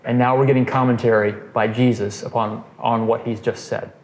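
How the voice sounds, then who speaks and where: A man with a medium-pitched voice and little pitch movement speaks at normal speed while leading an informal Bible study. He quizzes the group, checks in with "okay" and "right," and teaches scripture conversationally; the audio has roomy echo and faint noise.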